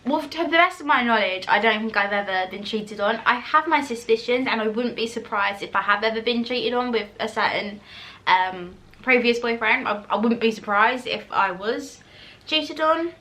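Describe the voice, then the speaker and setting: A chatty woman in her twenties answers viewer questions in a relaxed vlog. Her voice is bright and forward, and she rambles with fillers, restarts and self-corrections. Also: a little high, normal speed. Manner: eating while talking at times. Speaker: YouTuber. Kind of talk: casual Q&A chat to camera.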